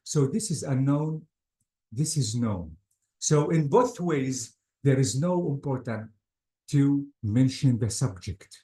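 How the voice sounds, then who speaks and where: Slow, mellow-voiced man teaching grammar. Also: medium pitch, lively intonation. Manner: repeats words, says "guys" often. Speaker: English teacher. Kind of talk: classroom grammar lecture. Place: classroom. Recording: roomy classroom echo.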